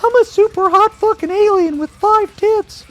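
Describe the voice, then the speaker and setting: A man voicing a crude, flirty female alien caller in a high falsetto. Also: normal speed.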